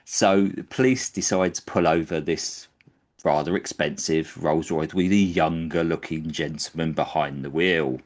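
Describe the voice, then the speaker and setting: Deep-voiced man telling a story. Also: measured pace. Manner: animated, acts out quoted characters. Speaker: podcast storyteller. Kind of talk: casual anecdote telling.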